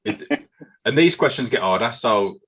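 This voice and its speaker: A man's voice: mid-range voice, expressive, normal speed, a bit bright, slightly rough. A man co-hosting a casual podcast and reading out quiz questions, swearing and joking, often repeating himself. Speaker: podcast co-host, quizmaster. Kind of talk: casual chat.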